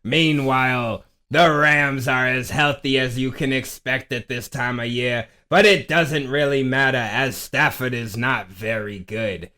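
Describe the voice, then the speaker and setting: A man co-hosting a fantasy football podcast, hoarse from a sore throat, blunt and deadpan. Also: mid-range voice, measured pace, few pauses. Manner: dry, blunt, deadpan jabs. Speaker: podcast co-host. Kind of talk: casual sports podcast banter.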